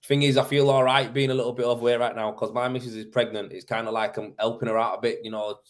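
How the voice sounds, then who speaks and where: A man's voice: mid-range voice, little pitch movement. A young man hosting a live stream, talking casually and joking about himself. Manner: chatty, jokey, quick-talking. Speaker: livestream host.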